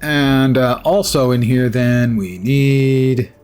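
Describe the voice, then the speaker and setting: Male game streamer, mid-pitched, dry self-mocking humor, loose live chatter. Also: takes it slowly, a little mellow, clean tone, faint music behind. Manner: wry, self-mocking asides. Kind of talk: casual gameplay commentary.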